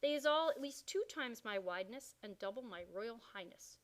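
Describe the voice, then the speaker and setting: A woman's voice: fairly high pitch, lively intonation, moderate pace, close to an everyday voice. A woman voicing a huge, kindly old male giant who speaks in mangled grammar and made-up words. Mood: earnest.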